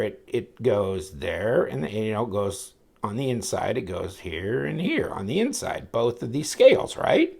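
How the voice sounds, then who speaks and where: A man casually reviewing a folding knife, rambling and excitable as he talks to viewers while handling it. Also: medium pitch, vocal fry.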